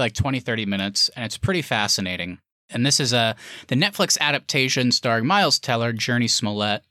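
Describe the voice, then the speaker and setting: Here a man co-hosts a podcast, chatting casually about a movie in a mid-range voice that sounds pushed and bright. He rambles freely with lots of fillers, recorded cleanly in a studio without any room sound.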